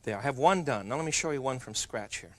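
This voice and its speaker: A man's voice: medium pitch, lively intonation, fast, a bit bright, slight background noise. A man hosting a TV cooking demonstration, chatty and playful, joking with viewers as he works. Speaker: TV cooking show host.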